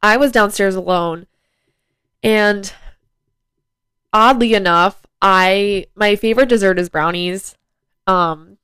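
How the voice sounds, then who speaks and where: A woman's voice: mid-range voice, a bit bright, clean tone, dry recording. A teenage girl hosting her own podcast, talking casually and rambling with lots of ums and likes. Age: teens. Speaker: podcast host. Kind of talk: casual solo podcast talk.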